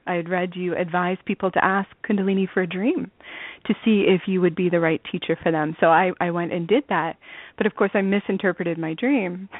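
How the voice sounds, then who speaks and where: A woman's voice: medium pitch, dry recording. A woman speaking as a guest in an interview over a video call, earnest and sprinkling in "you know". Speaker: interview guest, spiritual student. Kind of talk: conversational interview. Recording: dry, tinny phone-like line.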